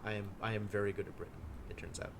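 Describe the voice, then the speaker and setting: A man streaming a strategy game live, thinking aloud with wry deadpan asides. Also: fairly low pitch, rapid-fire, gravelly, noisy background. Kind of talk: live gameplay commentary.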